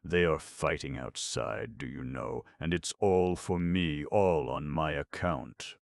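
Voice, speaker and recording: A man's voice: a bass voice, slow pace, gravelly, no room sound, clean studio sound, full character voice. A man reading an audiobook, voicing a frightened young noblewoman who pleads for her father's life in a raised, urgent voice. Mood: pleading.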